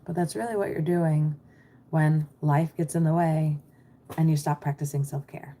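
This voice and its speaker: Her warm, lower-pitched voice goes straight into her computer mic as this middle-aged American business coach runs a livestream. At a moderate pace and with fairly even intonation, she reads the chat and answers viewers, chatty and reassuring.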